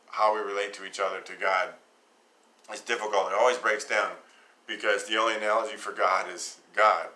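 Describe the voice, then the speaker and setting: A man giving a spoken Bible teaching, slow and deliberate, leaning hard on single words. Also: lowish voice, pushed and bright. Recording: echoey room.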